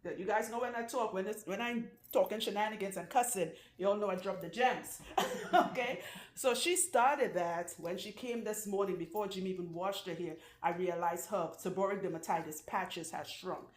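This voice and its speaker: A woman's voice: medium pitch, moderate pace, few pauses, reverberant. A woman who works as a loctician, giving casual hair and scalp advice and often checking in with her listeners. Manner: chatty, keeps checking in with listeners.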